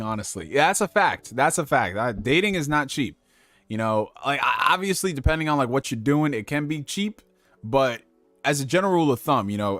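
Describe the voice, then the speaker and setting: A man's voice: mid-range voice, a bit bright, no echo. A young man hosting a casual livestream, giving dating advice in a loose, profane way and laughing at his own slips. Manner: talks directly to viewers with slang.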